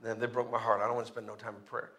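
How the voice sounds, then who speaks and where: A man voicing a discouraged churchgoer who sulks and mumbles excuses in a low, quiet voice. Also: level tone, rapid-fire. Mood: mopey. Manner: mopey, low, mumbling complaint.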